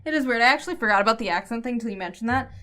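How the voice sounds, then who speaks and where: A woman's voice: a little high, expressive, very fast, a bit bright. A woman co-hosting a podcast, chatting casually and questioning the plot with a puzzled tone. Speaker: podcast co-host. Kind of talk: casual comic recap chat.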